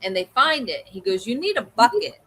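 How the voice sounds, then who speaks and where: Woman, casual storyteller, bright tense voice, slightly high, acts out quotes. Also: very animated, fairly quick, breathy edge, low-quality recording. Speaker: co-host.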